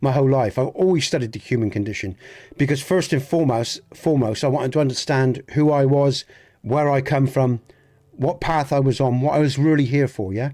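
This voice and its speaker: His voice is medium in pitch with a darkish tone, and he speaks briskly. This English streamer with a Southwest Dorset accent chats casually with viewers during a game, earnest and rambling, often restarting and swearing mildly.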